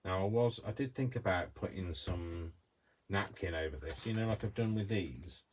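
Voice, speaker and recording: Low-voiced Coventry man demonstrating crafts. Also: normal speed, slight background noise. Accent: Coventry English. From Coventry, England. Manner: chatty, rambling, talks to himself while working. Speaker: craft tutorial host.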